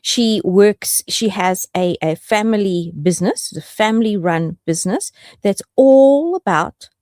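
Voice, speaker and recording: A woman's voice: mid-range voice, expressive, measured pace, a little mellow, no room sound. A woman hosting a radio show in the studio, playful and affectionate in casual chat. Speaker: radio host.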